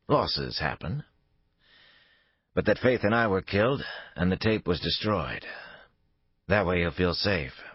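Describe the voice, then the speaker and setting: A calm, deliberate older schemer in an audiobook thriller, read by a male narrator. He lays out each step in a low, husky voice. The read is dry and dull. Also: no echo. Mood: calculating.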